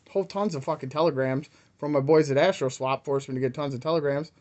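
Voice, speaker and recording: A man's voice: fairly high pitch, fast, hardly any pauses, darkish tone. A man hosting his own video, ranting in a rambling, heated way and swearing constantly. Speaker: crypto YouTuber. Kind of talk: profane ranting vlog.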